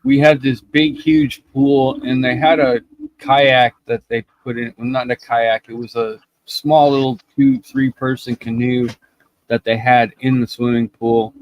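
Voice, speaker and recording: A man hosting a casual livestream who tells stories in an animated way and acts out the quotes. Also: mid-range voice, a little slow, dry recording, lo-fi sound. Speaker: host.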